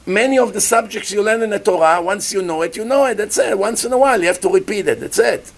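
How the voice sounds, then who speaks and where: Male rabbi, lively preacher, slightly higher voice, turns to the room with questions. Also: fast talker, vocal fry. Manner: animated preacher, acts out voices, asks the audience questions. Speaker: rabbi giving a Torah class. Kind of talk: sermon.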